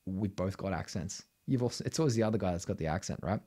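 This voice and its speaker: Brief: middle-aged Australian male vocal coach, lowish voice, punchy and blunt. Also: lively intonation, fast, dark tone, husky. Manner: emphatic, blunt, keeps adding "right?". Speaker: singing teacher. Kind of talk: vocal tutorial to camera.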